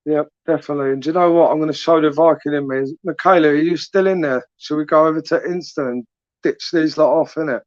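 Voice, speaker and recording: A man's voice: on the high side, steady tone, quick pace, no room sound. Chatty lo-fi southern English man. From England. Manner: chatty, teasing, rambling. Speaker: livestream host. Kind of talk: casual live chat reading comments. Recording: dry, dull lo-fi sound.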